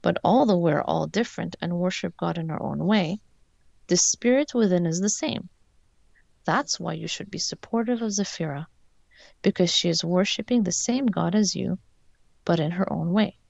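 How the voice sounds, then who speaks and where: A woman voicing a calm, earnest schoolboy who speaks soothingly in a story she reads aloud. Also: fairly low pitch, moderate pace, creaky, no room sound. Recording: dull lo-fi sound.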